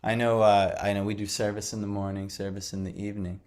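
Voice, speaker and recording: A man's voice: fairly low pitch, level tone, fast, darkish tone. A young man telling a devotional story and teaching in a conversational way, full of fillers and restarts. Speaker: scripture class speaker.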